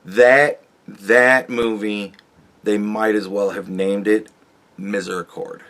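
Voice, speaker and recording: A man hosting a podcast, talking casually in a rambling, profane monologue that jumps between loud outbursts and low mutters. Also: level tone, takes it slowly. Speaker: podcast host.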